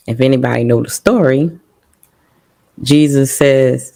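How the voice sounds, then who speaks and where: A middle-aged woman with a rumbling low voice speaks slowly, leaving long pauses. As a podcast guest on a talk show, she shares an emotional personal testimony, using many fillers and holding back tears.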